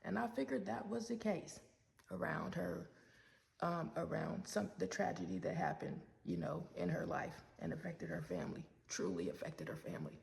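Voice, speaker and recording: Gravelly-voiced woman telling a heartfelt story. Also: fairly low pitch, lively intonation, moderate pace, darkish tone. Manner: heartfelt, talks straight to viewers as "y'all". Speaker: work supervisor sharing a personal story. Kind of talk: emotional storytelling to camera.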